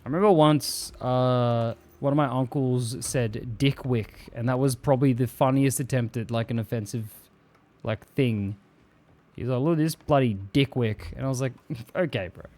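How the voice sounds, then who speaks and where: A man's voice: mid-range voice, fairly even intonation, moderate pace, a little mellow. A man streaming live, chatting casually and swearing freely as he reads viewer messages aloud and jokes about them.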